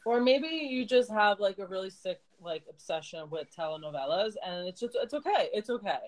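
A woman's voice: medium pitch, expressive, fairly quick, poor audio. Laughing, teasing woman podcast co-host. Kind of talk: casual chat.

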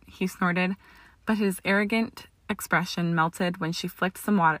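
A woman narrating a story aloud in a steady, expressive audiobook reading. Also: on the low side, a little slow, no echo. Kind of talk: audiobook reading of fan fiction.

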